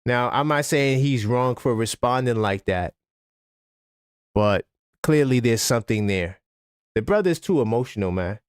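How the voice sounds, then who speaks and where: Male streamer riffing on sports, smooth voice, dry close sound, loose and animated. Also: mid-range voice, normal speed, dry recording. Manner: animated, conversational, frequent fillers. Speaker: sports talk livestream host. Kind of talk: casual live-stream commentary.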